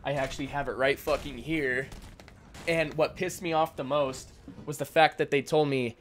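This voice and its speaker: A man's voice: medium pitch, moderate pace, a bit bright. A young man hosting a casual Q&A vlog, venting in a rambling, profane way with many fillers. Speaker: YouTube airsoft channel host.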